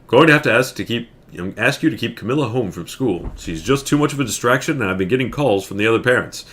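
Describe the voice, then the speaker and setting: An apologetic school principal, as a man reads him, polite and a little stumbling. His voice is bright and lively, close to the reader's own. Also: mid-range voice, fast, natural voice.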